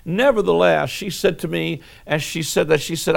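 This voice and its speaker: A man's voice: a little high, moderate pace, vocal fry. A male pastor preaching a sermon, reading scripture and telling folksy personal stories with many fillers and restarts.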